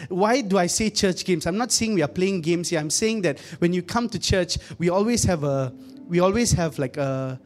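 A young man preaching a conversational sermon, often calling out to the congregation and joking in asides. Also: high voice. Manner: joking, laughs at his own asides.

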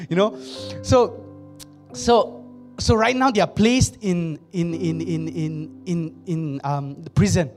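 Male pastor, high voice, chatty sermon, soft music underneath. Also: lively intonation, a little slow. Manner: conversational, laughs often, acts out quotes. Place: church.

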